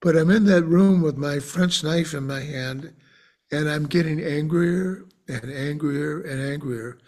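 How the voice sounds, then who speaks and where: A man who is a podcast guest and author, telling a personal story in an earnest, animated way with frequent restarts. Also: a little high, a little slow.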